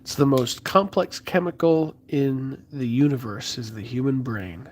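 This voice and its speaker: A man's voice: medium pitch, a little slow, a little mellow, slight background noise. A young man from the United States chatting casually with viewers on a live stream, friendly and rambling, with many fillers and restarts.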